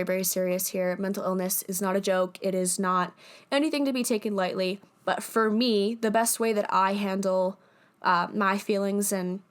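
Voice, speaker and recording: A young woman hosting her own podcast, talking casually and candidly, laughing often and swearing freely. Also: mid-range voice. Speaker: podcast host. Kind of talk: casual personal monologue.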